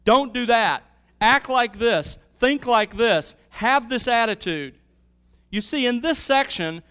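A man preaching a sermon, telling a story and then moving into Bible teaching with a lively, varying delivery. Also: high voice, clean tone. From Mobile, Alabama area. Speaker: pastor.

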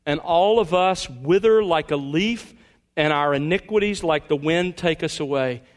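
A man with a notably high voice preaches a sermon to a church congregation. He speaks earnestly, drawing out key words slowly and sinking into quiet, low passages for emphasis. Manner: earnest preaching, slows to stress words, drops to a hush at points. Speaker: pastor.

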